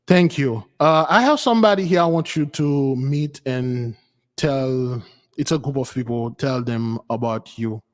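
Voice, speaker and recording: A man hosting his channel, talking casually and haltingly with many fillers. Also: mid-range voice, long reverb tail. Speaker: channel host. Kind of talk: casual talk with an AI.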